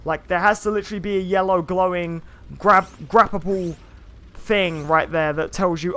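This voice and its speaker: A young man streaming a video game, chatting casually and excitably with lots of filler words as he plays. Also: sits high, normal speed. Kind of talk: live gameplay commentary. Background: faint game music.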